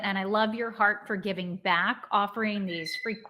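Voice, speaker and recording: A woman's voice: medium pitch, fairly even intonation, normal speed, sharp tone. A woman hosting a live online show, effusive and enthusiastic as she thanks her guest and introduces segments. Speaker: host.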